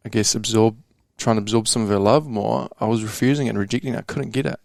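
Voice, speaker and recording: A young New Zealander, appearing as a guest on a casual podcast, tells a candid personal story full of slang and swearing, calling the host bro. He talks fast in a lowish voice with vocal fry. The recording is dry and clean, with studio sound.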